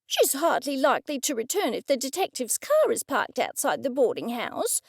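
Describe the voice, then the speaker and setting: A woman reading an audiobook, voicing an excitable, dramatic woman friend who talks in a breathless, high-strung way. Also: moderate pace, creaky, dry recording, studio quality, exaggerated voice. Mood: anxious.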